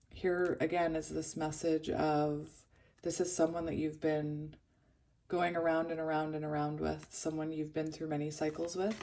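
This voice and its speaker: A woman giving a pick-a-card tarot reading, emotional and hesitant, shaky and close to tears, with many pauses and ums. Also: deep voice, a little mellow, slight background noise. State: shaky and tearful. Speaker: tarot reader.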